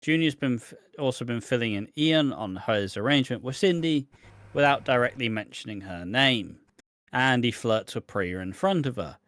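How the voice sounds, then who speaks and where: Casting: man, mid-pitched, chatty and sweary podcast co-host, close dry sound. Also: animated, moderate pace, fairly bright tone, dry recording. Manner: sweary, chatty, acts out quotes in mocking voices. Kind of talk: casual chat recapping a soap opera.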